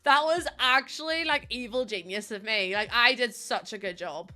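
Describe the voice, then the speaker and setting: A young woman streams a game build and talks straight to her chat, reading out names and getting heated. Her voice is bright and forward. Soft music plays in the background. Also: fairly high pitch, moderate pace. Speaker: live streamer.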